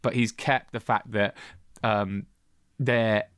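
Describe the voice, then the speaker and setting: A man's voice: on the low side, slow pace, clear, resonant tone, no echo, studio quality. A man co-hosting a film podcast, chatting casually and acting out scenes. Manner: animated, acts out scenes in voices. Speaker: podcast co-host. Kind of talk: casual film-review chat.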